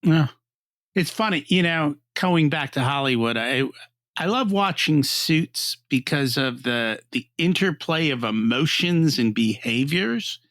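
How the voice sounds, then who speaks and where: A man's voice: fairly high pitch, measured pace, no room sound, clean studio sound. A man hosting a podcast interview, chatty and relating examples from TV. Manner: lively, chatty, relates pop-culture examples. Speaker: podcast host. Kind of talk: conversational interview.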